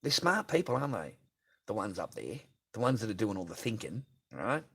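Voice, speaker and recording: A man's voice: on the low side, sing-song, brisk, gravelly, a bit bright, breathy edge. A man on a livestream, ranting profanely and asking "right?" again and again. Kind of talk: unscripted livestream rant.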